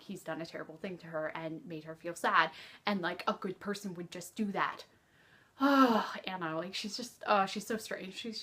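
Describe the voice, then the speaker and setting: A woman's voice: mid-range voice, pushed and bright. A woman chatting casually about a book at home, rambling with lots of fillers and laughs. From Canada. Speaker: book vlogger. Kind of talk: casual book discussion to camera.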